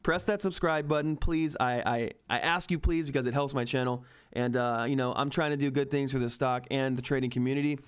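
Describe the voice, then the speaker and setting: A man hosting a stock trading livestream, giving excited market commentary and constantly addressing viewers as guys. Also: mid-range voice, a little fast, few pauses, smooth. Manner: excitable, keeps addressing viewers as guys and asking "all right?".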